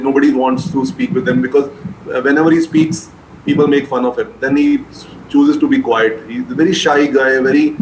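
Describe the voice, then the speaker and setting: Man, teaching a medical class, repeats terms, echoey room, faint hiss. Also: medium pitch. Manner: repetitive, drilling key terms for exams. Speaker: medical lecturer. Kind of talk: classroom lecture. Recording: roomy echo, faint noise.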